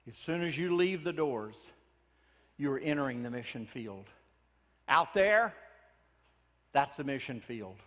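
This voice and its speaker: A man preaching a sermon in a church, earnest and pleading, often dropping his voice to a hush for emphasis. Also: mid-range voice, animated, unhurried, long pauses, long reverb tail. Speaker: pastor.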